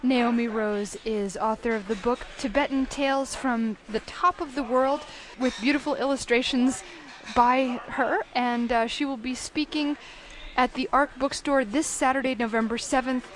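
A woman's voice: on the high side, steady tone, moderate pace, slight background noise. A woman radio host interviewing a guest and wrapping up her show with announcements.

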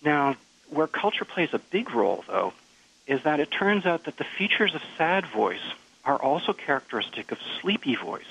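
A man being interviewed as a music researcher, explaining thoughtfully with frequent halting restarts. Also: on the high side, gravelly, a bit bright, slightly rough. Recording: dull lo-fi radio sound.

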